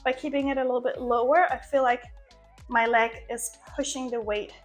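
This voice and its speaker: A woman's voice: fairly high pitch, fairly even intonation, moderate pace, soft background music. A young woman explaining workout moves step by step in a chatty vlog, recorded on a small mic. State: out of breath at the end. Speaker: fitness creator. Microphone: small new mic.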